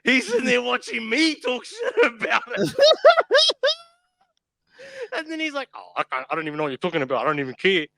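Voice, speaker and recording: Kiwi bloke on a podcast, bright high voice, swears and cracks up telling yarns. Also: male voice, big pitch swings, fairly quick, creaky, pauses often, rough recording. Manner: swearing, laughing storyteller, calls people bro. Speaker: podcast co-host. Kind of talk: casual chat, storytelling.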